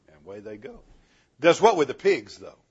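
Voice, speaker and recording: A man teaching a Bible class, animated, asking the class questions and chuckling often, on a dull lo-fi recording. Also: mid-range voice, moderate pace, slightly rough.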